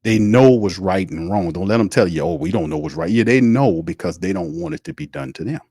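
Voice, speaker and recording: A man with a deep, low voice delivers fiery sports opinions, preachy and blunt, firing rhetorical questions at his audience. He swears freely as he builds his case. The sound is dry and close, with no room echo. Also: expressive, brisk, gravelly, mellow, slightly rough. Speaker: sports podcast host.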